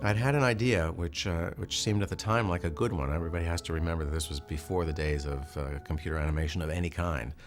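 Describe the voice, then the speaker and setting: Extremely deep-voiced man explaining carefully. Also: music in the background. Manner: measured, detailed technical explanation with many fillers. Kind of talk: documentary interview.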